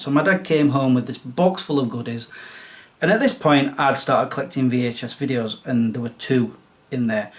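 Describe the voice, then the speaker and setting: A man's voice: mid-range voice, moderate pace. Man telling stories. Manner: reminiscing, chuckles while telling anecdotes. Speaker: vlogger. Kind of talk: casual storytelling monologue.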